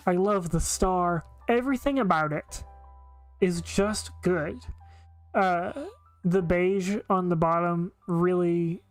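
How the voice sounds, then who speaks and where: A woman's voice: on the low side, dry recording. A woman streaming live, giving blunt, opinionated casual commentary with frequent filler words.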